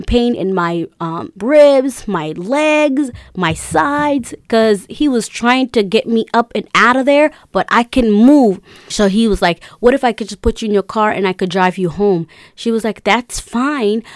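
A woman's voice: mid-range voice, no echo. Woman, casual storyteller, chatty with fillers, dry close sound. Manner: chatty, retells with quoted voices and many fillers.

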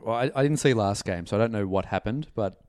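A man from New Zealand co-hosting a fantasy basketball chat, measured and quoting stats. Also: lowish voice, darkish tone, no room sound, clean studio sound. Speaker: podcast co-host. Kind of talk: casual fantasy sports analysis.

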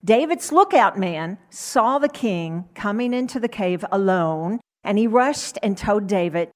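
A middle-aged woman telling a Bible story in a gentle, unhurried storytelling sermon. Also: medium pitch, lively intonation.

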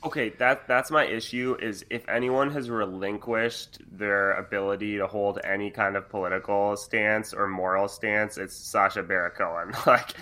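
A man's voice: on the low side, steady tone, moderate pace, hardly any pauses, pushed and bright. A man co-hosting a podcast, talking bluntly and loosely, with plenty of swearing. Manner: blunt and profane, loose and conversational. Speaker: podcast co-host. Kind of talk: casual chat.

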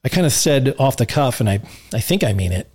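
A man's voice: medium pitch, sing-song, brisk, a little mellow, slightly rough. Enthusiastic man rambling about films. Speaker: podcast host. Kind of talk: casual film commentary.

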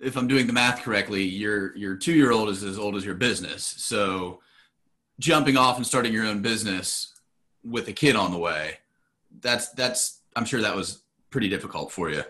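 A man co-hosting a podcast interview, asking measured, careful questions. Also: lowish voice, bright, forceful tone. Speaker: co-host.

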